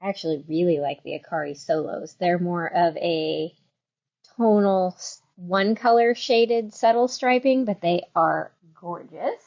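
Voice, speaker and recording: A woman hosting a yarn shop's live show, chatting casually and walking through products with quick, rambling asides. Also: fairly low pitch, vocal fry, a little mellow, lo-fi sound. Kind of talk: casual chat with product demo.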